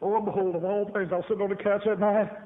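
A man's voice: high-pitched, flat delivery, racing. A man preacher telling his testimony in a folksy, emphatic way, laughing often and repeating phrases, heard on a tinny broadcast. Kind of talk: sermon testimony storytelling. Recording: tinny phone-like radio broadcast.

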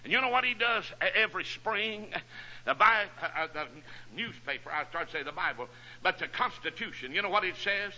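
A man preaching a fiery revival sermon, breaking his phrases with "uh" and climbing into shouts. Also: high-pitched, lively intonation, a little fast. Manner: punctuates phrases with "uh", rising to shouts. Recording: dull lo-fi radio broadcast.

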